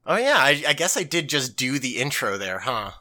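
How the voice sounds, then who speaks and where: Animated, bright-voiced male podcast host. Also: medium pitch, moderate pace. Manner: loose and animated, swears freely. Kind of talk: casual recap chat.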